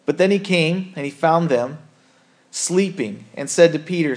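A man's voice: a little high, measured pace, a little mellow. A man preaching a sermon as a pastor, earnest and conversational, often correcting himself mid-sentence.

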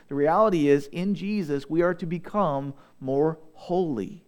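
A young man preaches in a fairly high voice. He reads scripture aloud and stretches out key words when he wants them to land. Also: a little mellow, smooth. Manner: earnest preaching, slowing for emphasis on scripture. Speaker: pastor. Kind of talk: sermon.

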